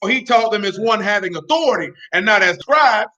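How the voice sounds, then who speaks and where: A man preaching a sermon in street slang, talking animatedly and breaking into shouts. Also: high-pitched, expressive, a little fast. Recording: dull lo-fi recording.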